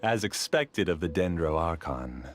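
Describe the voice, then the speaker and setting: A deep, polite schemer. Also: male voice, lively intonation, unhurried, soft background music. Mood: courteous. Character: polite scheming man, scholar hiding secrets. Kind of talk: game character dialogue.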